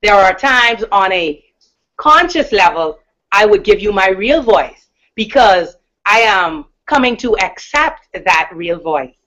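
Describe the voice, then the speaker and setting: A woman from the Bahamas with a deep, powerful voice gives an emphatic, encouraging motivational talk as a mindset coach. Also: big pitch swings, fairly bright tone. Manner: emphatic, encouraging, with slow stressed words. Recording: dull lo-fi recording.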